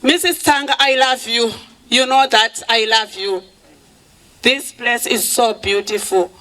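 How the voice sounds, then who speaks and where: A woman speaks at a charity event in a high, bright voice. She takes her time, slipping between English and Shona and thanking people with open emotion. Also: steady tone, unhurried, rough recording. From Zimbabwe. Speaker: charity founder giving a speech. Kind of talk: public speech at an event.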